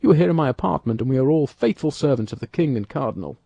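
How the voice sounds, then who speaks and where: A man reading an audiobook, voicing a bold, quick-witted young male musketeer who talks in a commanding, brisk way. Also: mid-range voice, expressive, gravelly, warm tone, dry recording, voice pushed up.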